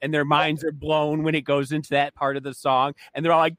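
A man's voice: a little high, flat delivery, a bit bright, dry recording. Male co-host, joking chatter, dry close sound. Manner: chatty, joking, quick asides. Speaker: podcast co-host. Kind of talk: casual chat.

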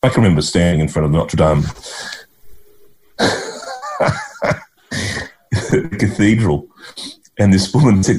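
A man's voice: on the low side, wildly swooping pitch, normal speed, long pauses, a little mellow. A middle-aged Australian man, a guest in an interview, telling heartfelt, rambling stories full of restarts. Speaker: guest, actor and writer. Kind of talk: reflective conversational interview.

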